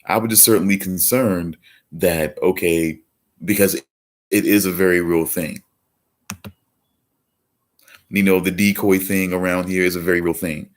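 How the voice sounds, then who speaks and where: A deep-voiced man hosting a casual livestream. He rambles along, restarting sentences and repeating words such as "certainly" as he talks to his viewers. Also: steady tone, measured pace, pauses often. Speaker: livestream host.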